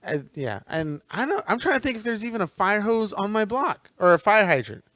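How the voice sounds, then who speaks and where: A man with a fairly high voice chats loosely as a podcast co-host, slipping laughs into his sentences as he jokes. The sound is dry and close, with little room around it, recorded at a friend's house. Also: big pitch swings, fairly quick, fairly bright tone, no echo. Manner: jokey, laughs often mid-sentence. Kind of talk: casual podcast banter.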